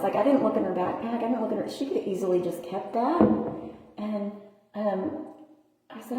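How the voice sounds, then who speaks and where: A woman's voice: mid-range voice, normal speed, mellow. A woman shelter worker giving an earnest, near-tearful personal testimony that turns into preaching. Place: bathroom of a homeless shelter. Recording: echoey tiled bathroom.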